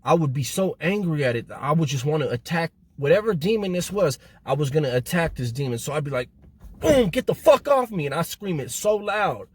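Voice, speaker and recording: A middle-aged man from Southern California casually telling stories to camera in loose street slang, getting animated as he reenacts moments. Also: fairly high pitch, brisk, few pauses, slightly rough. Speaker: channel host telling prison stories.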